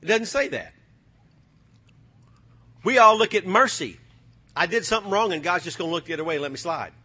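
High, bright husky-voiced preacher man. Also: lively intonation, brisk. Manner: preaching with call-and-response, swinging from soft to loud; folksy, drawls phrases like y'all and ain't. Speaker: pastor. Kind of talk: sermon.

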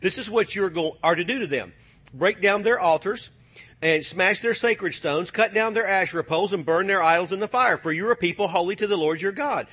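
A male pastor preaching a sermon with call-and-response, folksy speech, swinging from soft to loud. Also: high-pitched, a little fast, husky. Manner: folksy, drawls phrases like y'all and ain't.

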